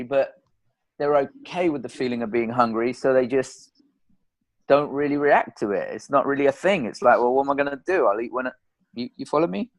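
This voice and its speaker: A man coaching in a relaxed teaching talk, acting out quoted conversations as he tells stories, with frequent restarts and repeated words. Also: medium pitch, low-quality recording. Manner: animated storytelling, acts out quoted dialogue.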